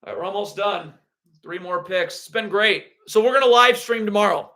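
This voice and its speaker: A man's voice: high-pitched, fairly quick, bright, forceful tone. A man hosting a live basketball draft reaction stream, blunt and sarcastic as he rants. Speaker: basketball livestream host.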